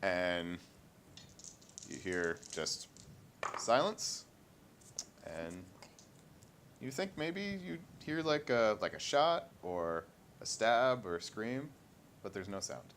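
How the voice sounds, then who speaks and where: A man runs a tabletop game as game master, his voice sitting very low. He narrates in a loose, halting way, leaning on fillers as he sets each scene. A faint rumble runs underneath. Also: big pitch swings, fairly bright tone. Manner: casual, halting, lots of "like" and "uh".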